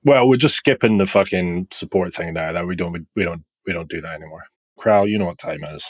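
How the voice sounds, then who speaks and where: A man's voice: low voice, fast talker, slightly rough, dry recording. A man hosting a podcast in casual comedic chat, jokey, laughing often and swearing casually. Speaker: podcast host.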